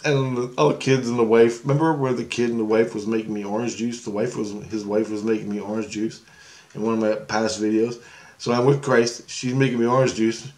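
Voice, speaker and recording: A man's voice: on the low side, steady tone, a little fast, a little mellow. A man telling a rambling story to camera in a casual way, laughing often and losing his thread. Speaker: vlogger.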